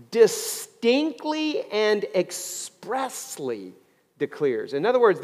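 A man preaching a sermon in a church, his voice fairly high and swinging animatedly up and down. He slows right down when he reads scripture and then presses his points home. A long reverb hangs after his words, as in a large hall. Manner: preaching with lively swings in pitch, slowing down on scripture readings. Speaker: pastor.

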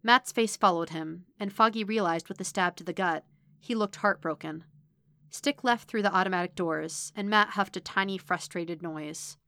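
A woman reading fan fiction aloud as a podfic narrator, measured and even. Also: on the low side, clean tone, no room sound, clean studio sound. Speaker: podfic reader. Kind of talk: audiobook-style fiction reading.

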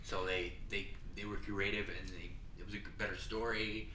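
A man's voice: lowish voice, little pitch movement, moderate pace, sharp tone, slight background noise. A young man co-hosting a podcast, stumbling over restarts and trailing off. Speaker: podcast co-host. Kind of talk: casual chat. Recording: distant, echoey room.

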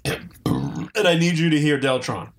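A man's voice: a little high, moderate pace, a little hiss or hum. A man in casual chat, telling stories with lots of swearing and laughter, his mouth burning from hot sauce. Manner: profane, laughing animated storyteller. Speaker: friend in hot sauce challenge.

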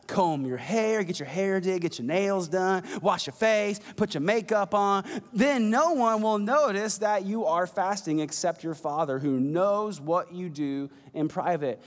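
Pastor, male, high voice, casual jokey sermon, reverberant hall. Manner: conversational, joking asides.

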